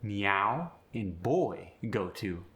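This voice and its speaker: A male accent coach who talks in a slow, measured way. His voice has a bright, forceful edge. He explains one sound change after another and then reads out a model sentence. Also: lowish voice, very animated. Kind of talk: accent tutorial.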